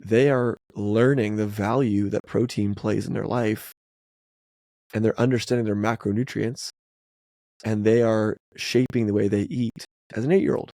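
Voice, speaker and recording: A man co-hosting a casual family podcast, talking animatedly and jumping up in pitch when he acts out other people's lines. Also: normal speed, dry recording, clean studio sound. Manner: animated, acts out quotes with big pitch jumps. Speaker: podcast co-host.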